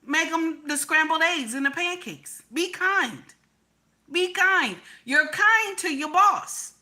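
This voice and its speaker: Forceful, emphatic woman giving relationship advice. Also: extremely high pitch, lively intonation, slow. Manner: emphatic, repeats lines, profane. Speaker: relationship commentator.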